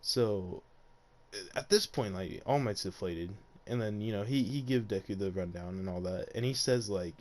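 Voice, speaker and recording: A man's voice: fairly low pitch, normal speed. Rambling young man telling a story. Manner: rambling, laughs often, many fillers. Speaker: YouTuber. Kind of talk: unscripted fan storytelling.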